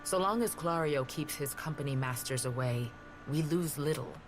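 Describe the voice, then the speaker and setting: Woman playing a calm, grave tribal elder. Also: low voice, background noise, natural voice. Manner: measured and grave. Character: calm, weathered older woman tribal leader. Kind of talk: game voice acting. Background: game music.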